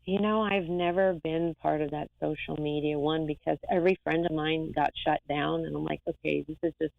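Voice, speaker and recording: A woman eye doctor talking as a guest in a lively, rambling, emphatic way. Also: low-pitched, moderate pace, gravelly, no echo, narrow, tinny audio. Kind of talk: casual interview talk.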